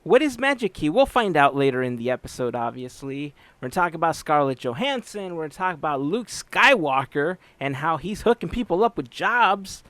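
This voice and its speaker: A man's voice: on the high side, expressive, normal speed, hardly any pauses, fairly bright tone, no room sound. Upbeat chatty podcast host man. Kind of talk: casual podcast chat.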